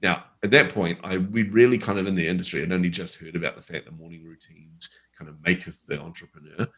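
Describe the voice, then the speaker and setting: This guest, a man from New Zealand, has a low, deep voice and talks fast as he relates a personal story in an easygoing conversation. His storytelling is animated, complete with acted-out dialogue from memory.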